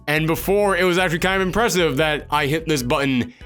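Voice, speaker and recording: A man's voice: fairly high pitch, fairly quick, fairly bright tone, faint music behind. A man giving an emphatic, ranting spoiler review of a video game, acting out imagined reactions. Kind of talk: opinionated spoiler discussion.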